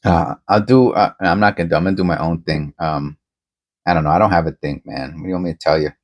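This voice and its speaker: A man hosting a casual coin-hunting vlog, rambling and excitable, often tacking "man" onto his sentences. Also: deep voice, fast.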